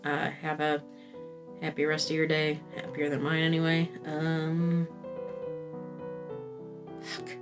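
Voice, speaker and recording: A woman's voice: sits low, completely flat delivery, slow, pauses often, music in the background. A woman in her thirties chatting through a casual review vlog, candid, rambling and self-deprecating, with frequent swearing. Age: 30s. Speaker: fashion vlogger.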